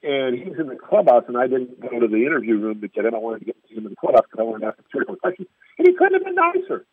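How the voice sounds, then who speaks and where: A man's voice: medium pitch, big pitch swings, rapid-fire, breathy edge, dry recording. A man, a sports radio reporter, telling stories in casual chat and acting out quotes in raised voices. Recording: tinny phone-line sound, dry.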